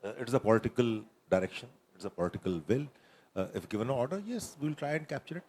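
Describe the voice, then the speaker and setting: Fast-talking retired general. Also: male voice, medium pitch, very animated, a little mellow, a little hiss or hum. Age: 60s. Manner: direct, soldierly, thinks aloud. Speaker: retired army general on a panel. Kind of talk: panel discussion.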